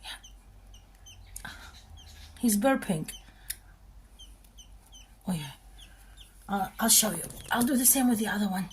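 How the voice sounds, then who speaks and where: A woman's voice: medium pitch, animated, takes it slowly, pauses often, slight background noise. A woman casually demonstrating how she hand-feeds her birds, talking to them affectionately as she works. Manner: cooing, affectionate talk to baby birds. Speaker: bird keeper showing hand-feeding.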